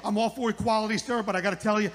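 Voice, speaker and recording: High-voiced New comedian on stage. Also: male voice, fairly even intonation, racing. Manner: rambling, repeats lines for punch. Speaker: stand-up comedian. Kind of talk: stand-up comedy set. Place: outdoor comedy club stage.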